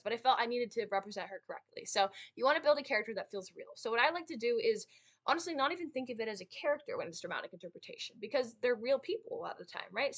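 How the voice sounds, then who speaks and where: A woman's voice: a little high, a bit bright. A young woman giving a casual lesson on dramatic interpretation, chatty and full of fillers, often asking "right?". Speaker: speech and debate student teaching.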